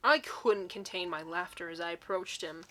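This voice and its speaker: Giggly bright-voiced young woman. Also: fairly low pitch, moderate pace. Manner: giggly, mock-dramatic, breaks into laughter. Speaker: vlogger reading fan fiction aloud. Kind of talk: comedic dramatic reading.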